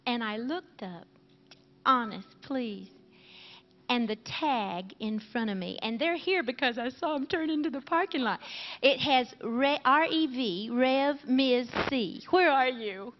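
A woman's voice: high-pitched, measured pace. A woman co-hosting a Christian TV show, giving an emotional, giggly testimony to a live crowd. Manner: giggly, emotional, laughs often. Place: large camp meeting hall with live audience. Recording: 1980s TV broadcast, lo-fi, reverberant hall.

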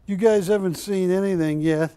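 Man, shopping TV host, live sales pitch, joking and pushy, dry close sound. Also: moderate pace, warm tone, clean tone, dry recording.

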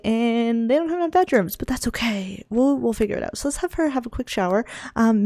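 A woman giving casual commentary over her life-sim gameplay, excitable and dramatic, gasping and laughing as she reacts. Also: fairly high pitch, no room sound. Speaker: video game let's-play host.

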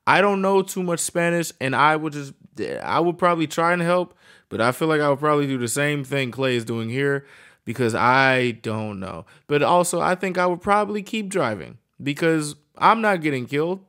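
A man's voice: fairly high pitch, lively intonation, normal speed, fairly bright tone. A man co-hosting a movie reaction, rambling through profane, joking asides. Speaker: co-host. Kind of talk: casual reaction chat.

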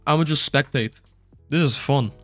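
A young man streaming a video game, reacting loudly, swearing and reading his chat aloud. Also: on the high side, normal speed, no room sound, faint music behind. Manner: excitable, swears a lot, reads chat aloud. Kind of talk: gaming livestream commentary.

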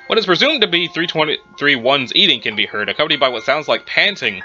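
A man's voice: medium pitch, sing-song, fast, few pauses, sharp tone. A man, the host, reading horror entries aloud with chatty asides and a slightly strained throat. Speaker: reader and host. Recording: dull lo-fi with music behind.

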